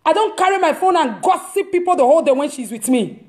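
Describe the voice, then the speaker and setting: Speaking quickly in an expressive, high voice, a woman preacher shares a casual testimony over a live stream recorded on the device mic. Her storytelling is emphatic and full of repeated words.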